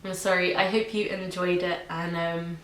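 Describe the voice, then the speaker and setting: Young woman vlogger from Britain or Ireland, lowish even voice, rambling and chatty, in an echoey room with a faint hiss. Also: moderate pace. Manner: chatty, many ums and likes. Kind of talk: casual pet tag video.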